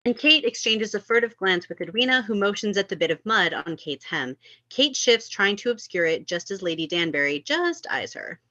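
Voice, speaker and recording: A woman reading stage directions at a table read, expressive with amused asides. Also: medium pitch, normal speed, no room sound. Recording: dull lo-fi sound.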